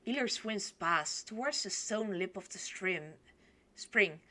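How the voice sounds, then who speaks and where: A woman streaming a game, reading story text aloud and crying out excitedly at what happens. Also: medium pitch, measured pace. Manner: excitable, shrieks and cries out at the game.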